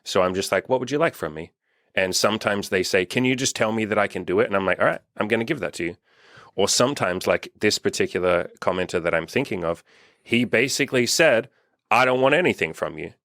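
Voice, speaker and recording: A man's voice: fairly low pitch, a little fast, a bit bright, no room sound, clean studio sound. A young man who works as a dating coach, talking bluntly and swearing freely in a casual podcast chat, acting out quotes in a raised voice. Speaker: dating coach and channel host.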